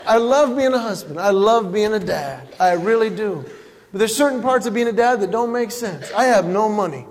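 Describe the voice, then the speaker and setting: A middle-aged man doing a stand-up comedy routine, telling family stories with animated punchlines on stage in a large hall. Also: high-pitched, moderate pace. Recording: reverberant hall with faint ambience.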